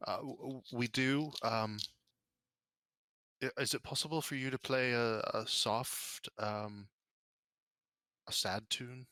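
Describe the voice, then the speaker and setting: A man voicing a grieving, soft-spoken village burgomaster who stammers and hesitates. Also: mid-range voice, fairly even intonation, slow, pauses often, dry recording. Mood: grieving, hesitant.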